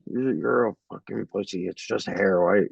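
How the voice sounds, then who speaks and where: A man's voice: deep voice, moderate pace, creaky, breathy edge, no echo, dull audio. A young man in a casual interview, laughing and acting out quotes as he tells stories. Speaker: fighter.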